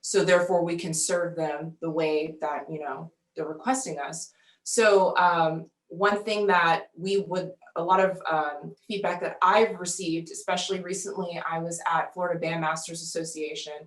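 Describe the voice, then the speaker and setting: A woman, a military band musician and outreach representative, speaking on an online panel in a measured, fluent way. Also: lowish voice, steady tone. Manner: measured and fluent, with occasional ums. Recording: roomy echo.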